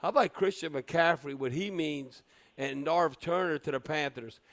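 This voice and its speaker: Male co-host, Cajun accent, higher-set voice, teasing sports-radio banter. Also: normal speed, fairly bright tone. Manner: joshing, teasing. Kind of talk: casual sports radio chat.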